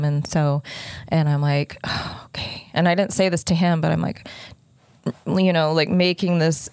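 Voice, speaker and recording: Woman, low voice, gravelly fry, halting and earnest, many restarts, dry close recording. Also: darkish tone, no echo. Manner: earnest, unguarded, close to tears. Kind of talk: emotional personal storytelling.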